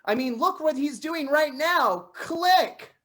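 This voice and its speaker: A young woman performs an improv bit as a dog owner at the park, doting on her pet with great excitement. She speaks slowly in a high voice, heavily acted and lively, bursting into shouts now and then.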